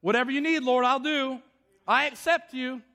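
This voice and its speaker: A man's voice: very high voice, normal speed, sharp tone, pitched above the performer's own voice, heavily acted. A man voicing a humble young male colt that promises to obey its master. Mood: devoted.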